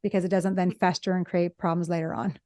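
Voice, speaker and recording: A woman's voice: on the low side, flat delivery, fast talker, a little mellow, dry recording. A woman co-hosting a relationship podcast as a therapist, speaking emphatically in a casual chat and repeating her key points with blunt asides. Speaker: relationship psychologist podcast co-host.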